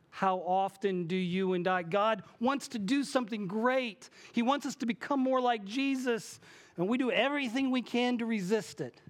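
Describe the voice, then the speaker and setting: Male pastor, 40s, high-pitched, lively preaching delivery that slips into quoted voices. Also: a little slow. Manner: animated, acts out quoted voices. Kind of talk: sermon.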